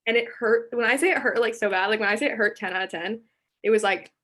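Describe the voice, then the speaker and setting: A teenage girl chats as a guest on a podcast, telling her story in an animated, filler-heavy way. Her voice sits on the higher side. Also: quick pace. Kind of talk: casual chat.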